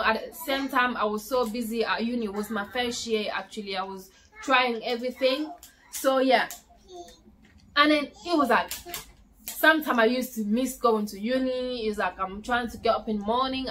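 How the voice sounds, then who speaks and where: A young woman telling her own story in a casual vlog, acting out the voices of the people she quotes, swinging from loud outbursts to hushed asides. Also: a little high, a little hiss or hum. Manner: frequent fillers and restarts, swinging from loud to hushed. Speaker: vlogger.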